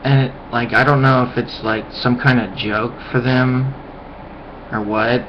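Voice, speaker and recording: A young man rambles through a casual webcam rant, his speech full of filler words. His voice sits at an ordinary middle pitch, now and then sinking into a low mutter. The webcam audio is dull and lo-fi, with a faint hum behind him. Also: steady tone, measured pace. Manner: mocking high-pitched yelps when imitating friends; drops to a low mutter at times. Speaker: vlogger. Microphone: webcam mic.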